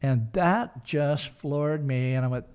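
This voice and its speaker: A man's voice: a little high, slow pace, a little mellow, clear, resonant tone. An older man telling a long personal story in an interview, rambling with many fillers and restarts. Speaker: guest, son of the founders.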